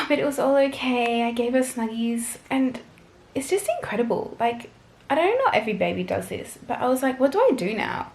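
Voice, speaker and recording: A woman's voice: fairly high pitch, animated, moderate pace, echoey room. A young woman vlogger telling a personal story to camera in a chatty, gushing way, full of fillers.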